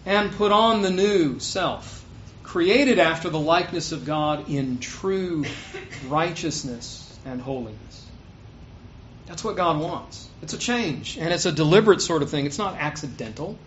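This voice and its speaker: A man preaching a sermon, swinging between loud, stressed points and quiet asides, on a dull lo-fi recording. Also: a little high, animated, measured pace, slight background noise.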